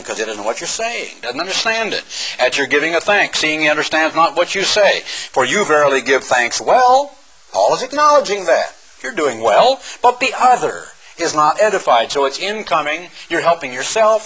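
Lively bright-voiced male preacher. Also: fairly high pitch, rough recording. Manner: animated, folksy and sarcastic asides; slows down to stress scripture phrases. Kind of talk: expository sermon reading and explaining scripture.

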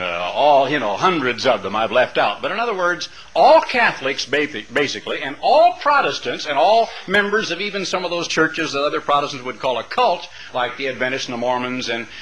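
A middle-aged man preaches a sermon before a congregation in a church sanctuary, building dramatic, rhythmic lists of phrases. His voice is mid-range, and the recording is rough.

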